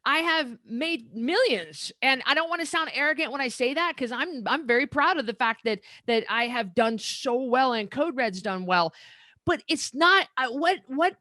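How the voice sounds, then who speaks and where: Casting note: earnest, emotional woman coach in her middle years, pitched a bit high, dry close sound. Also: animated, normal speed, pushed and bright, no echo. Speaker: podcast guest, diet coach. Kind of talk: candid interview talk.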